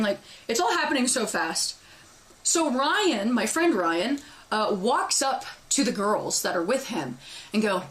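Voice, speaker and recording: Young female streamer, high-pitched, brash and profane, acts out her own yelling mid-story. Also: very animated, moderate pace. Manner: loud, profane, reenacts screaming. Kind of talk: animated storytelling to chat.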